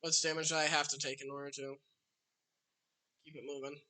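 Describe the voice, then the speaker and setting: Bright-voiced man streaming a card game. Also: on the high side, level tone, fairly quick. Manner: chatty, talks to his opponent while playing. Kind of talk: live card game commentary.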